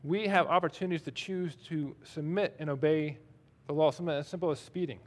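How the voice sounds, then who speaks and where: A pastor with a fairly high-pitched voice preaches at a fairly quick pace. His sermon is conversational and self-deprecating, and he reads scripture aloud between his own remarks.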